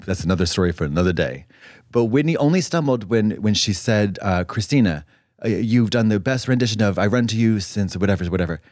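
Lively, campy man with a lower voice. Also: no room sound, studio quality. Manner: campy, rambling, animated storytelling with drawn-out quotes. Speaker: podcast co-host. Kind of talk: casual chat.

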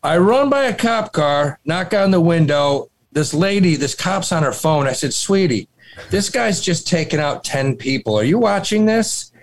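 A man on a podcast telling a long, animated story in casual chat, swearing and laughing as he goes. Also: on the high side, normal speed. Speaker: podcast co-host.

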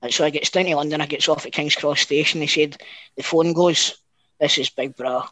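A middle-aged Scottish man telling a long, animated story in casual chat, swearing freely and often restarting his sentences. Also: fairly high pitch, a little fast, no echo, low-quality recording.

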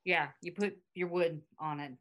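A woman's voice: lowish voice, fairly even intonation, moderate pace, fairly bright tone. A woman hosting a podcast in casual chat, reading out facts and quotes with chatty asides. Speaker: podcast host.

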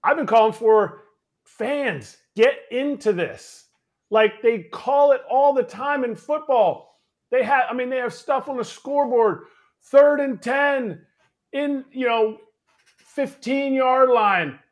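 Male co-host, high voice, playful ribbing. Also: slow pace. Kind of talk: casual sports chat.

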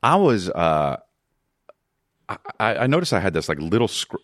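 A laid-back man hosting a comedy podcast, swearing often and calling people dude. His pitch swings widely up and down. The sound is dry and close to the studio mic. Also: very animated, normal speed, dry recording. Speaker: podcast host. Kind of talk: casual comedic podcast banter.

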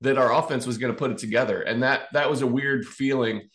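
A man's voice: mid-range voice, fairly quick, a bit bright. A man co-hosting a casual sports podcast, recapping a baseball game with stats and fillers. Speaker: podcast co-host.

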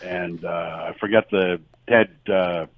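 A man's voice: low-pitched, steady tone, slow. A man calling in as a sports guest, reminiscing in a rambling, casual way. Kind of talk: casual chat. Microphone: telephone. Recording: tinny phone line.

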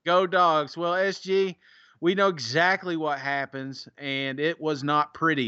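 Bright-voiced man reading listener reviews. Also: a little high, fairly even intonation, unhurried, clear, resonant tone, no room sound, muffled recording. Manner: laughs often, teasing. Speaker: podcast co-host. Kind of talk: casual podcast chat, reading listener reviews.

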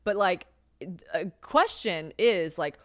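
A woman's voice: lowish voice, lively intonation, takes it slowly, no echo, clean studio sound. A young woman hosting a casual solo podcast, rambling and swearing freely, laughing often. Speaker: podcast host. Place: home kitchen.

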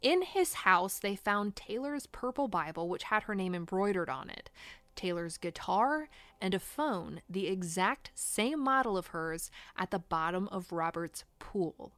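A woman's voice: medium pitch, lively intonation, unhurried, a bit bright, dry recording. A woman hosting a true crime podcast, reading a scripted account in a blunt, indignant way and swearing for emphasis.

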